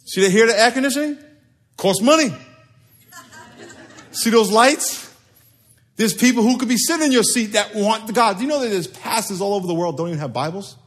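A pastor preaching a sermon in a church, talking in a playful, conversational way and leading the congregation in call-and-response. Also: male voice, high-pitched, expressive, brisk, pauses often, a bit bright. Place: church sanctuary.

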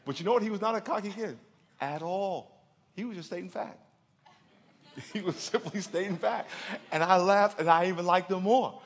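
A man preaching with a high, bright voice that swings widely up and down. He tells stories in an animated way, slipping into other people's voices as he goes. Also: moderate pace, husky. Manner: animated storytelling, acts out voices and laughs. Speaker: pastor. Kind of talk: sermon.

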